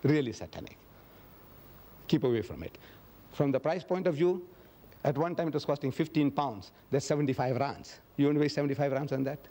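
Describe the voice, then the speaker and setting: A man's voice: fairly high pitch, fairly quick, dark tone. A man answering audience questions in a public lecture, telling stories emphatically and acting out quoted dialogue. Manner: emphatic storyteller who acts out quoted dialogue.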